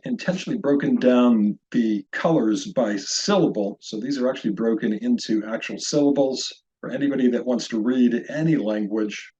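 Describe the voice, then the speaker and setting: A middle-aged man teaching Biblical Hebrew in an online lesson, carefully sounding out syllables and drilling pronunciation slowly. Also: medium pitch, a little mellow. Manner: slow, deliberate pronunciation drills. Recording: slightly dull lo-fi audio.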